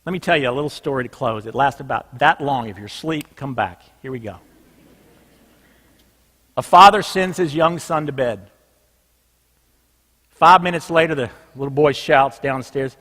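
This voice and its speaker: A pastor with a notably high voice delivers a sermon, pressing each point with emphasis and then easing into a hushed, low refrain. His words ring out with a long reverb from a large church. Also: moderate pace. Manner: emphatic, drops soft and low on a repeated refrain. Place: church sanctuary.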